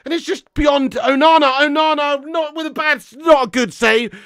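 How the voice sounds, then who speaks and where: A young man ranting angrily and loudly as host of a live football watch-along, swearing constantly. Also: very high voice, steady tone, moderate pace, dry recording. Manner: angry, sweary, loud ranting. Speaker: football fan livestream host.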